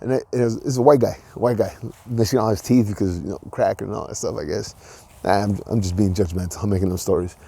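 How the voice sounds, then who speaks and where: A man with a lowish, warm, breathy voice with vocal fry talks quickly and with fairly even intonation on his own podcast. Alone at the mic, he rambles casually, restarting often and using filler words, sounding earnest and encouraging.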